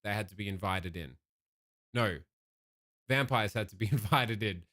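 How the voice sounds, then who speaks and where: A man's voice: lowish voice, moderate pace, pushed and bright. A man with an Australian accent casually commenting on a game, reading its text aloud and breaking off for jokey, profane asides.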